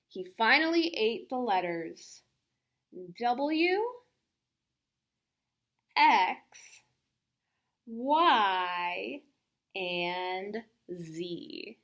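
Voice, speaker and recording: Woman, children's librarian, storytime reader; high voice, animated, quizzes the kids. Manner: animated, coaxing young listeners with questions.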